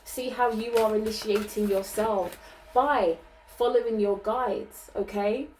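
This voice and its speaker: A woman giving a channeled card reading, gentle and reassuring, often ending her sentences with "okay?" and laughing lightly. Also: on the high side, steady tone, measured pace, recorded from a distance, slight background noise, rough recording. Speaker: spiritual card reader.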